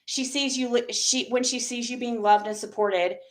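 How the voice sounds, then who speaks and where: A woman's voice: on the high side, fairly even intonation, moderate pace. A woman livestreamer in a heated, profane rant, talking straight to her chat.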